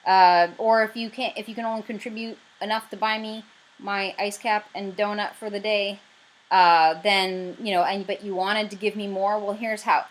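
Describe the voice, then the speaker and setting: A woman's voice: medium pitch, fairly even intonation, normal speed, low-quality recording. A woman with a Canadian accent talking casually to camera about her writing campaign, chatty and rambling with lots of fillers. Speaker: writer pitching her crowdfunding campaign.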